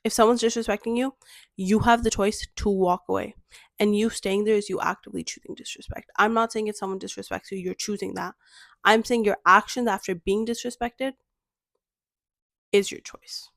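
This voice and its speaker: A woman speaking in an even, mid-pitched voice, recorded dry and close. She talks to camera in a personal vlog monologue, pressing her points with emphatic rhetorical questions. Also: normal speed, vocal fry, no echo. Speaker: vlogger.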